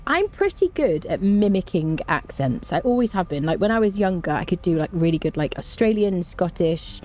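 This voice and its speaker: A woman streams a game and chats casually, reading her viewers' messages out loud between frequent laughs. Her voice sits low but moves around a lot, with a mellow, soft-edged tone. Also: big pitch swings, moderate pace, a little hiss or hum. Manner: chatty, reads viewer messages aloud and laughs often. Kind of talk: casual live-stream chat while gaming.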